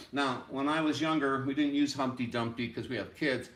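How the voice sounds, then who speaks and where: A man teaching a rhythm lesson as a music teacher, chanting rhythm syllables over and over in a steady beat. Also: medium pitch, normal speed, few pauses. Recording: echoey room.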